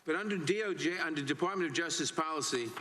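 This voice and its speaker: A man chairing a hearing, asking measured, formal questions and reading out quotations. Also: on the high side, sharp tone. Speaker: committee chairman. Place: hearing room.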